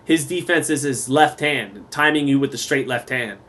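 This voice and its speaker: A man giving round-by-round boxing commentary for a live stream, relaxed and chatty, reading viewer comments aloud. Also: medium pitch, moderate pace.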